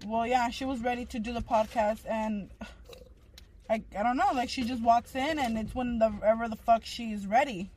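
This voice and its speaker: A woman's voice: a little high, fairly even intonation, normal speed, a little mellow, a little hiss or hum, low-quality recording. A woman hosting a podcast in a casual, teasing and profane way. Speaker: podcast host. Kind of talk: casual chat.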